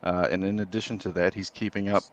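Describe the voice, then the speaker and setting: A man's voice: deep voice, flat delivery, fast, a little hiss or hum. A man calling into a live stream, talking casually and rambling with many fillers. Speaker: guest caller.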